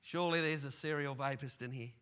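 A man preaching a sermon as pastor, animated and full of playful asides. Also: mid-range voice, a little fast, clear, resonant tone.

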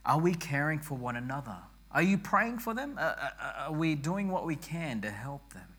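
A man preaching a sermon as pastor, hoarse and losing his voice, earnest and rousing, often restarting his words. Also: on the high side, big pitch swings, moderate pace, fairly bright tone.

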